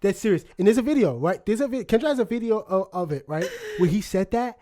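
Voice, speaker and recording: A man co-hosting a podcast, telling a story in a casual, animated way with many fillers and laughs. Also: sits high, fast talker. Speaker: podcast co-host. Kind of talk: casual chat. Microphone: studio microphone.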